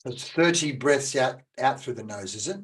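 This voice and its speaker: Husky man in his sixties. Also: medium pitch, moderate pace. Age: 60s. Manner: chatty, animated anecdotes. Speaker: podcast host. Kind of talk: casual interview chat.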